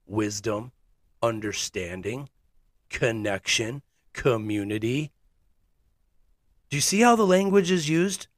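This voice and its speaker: A man's voice: mid-range voice, no room sound, studio quality. A man hosting his own podcast, giving blunt, sarcastic, fiery commentary. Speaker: podcast host. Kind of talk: opinionated commentary.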